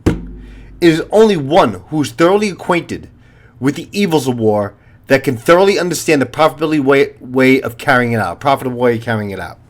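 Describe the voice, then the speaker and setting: A man's voice: medium pitch, lively intonation, a little fast. A retired police officer in his fifties, a channel host talking to viewers in a blunt, profane, lecturing monologue.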